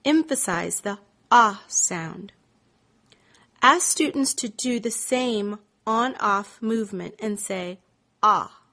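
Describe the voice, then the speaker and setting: A woman narrates a phonics lesson as a reading teacher, her delivery unhurried and measured. She sounds out vowel examples in a deliberate, stretched-out way, pitched at an ordinary middle range. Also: lively intonation, sharp tone. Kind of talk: scripted instructional narration.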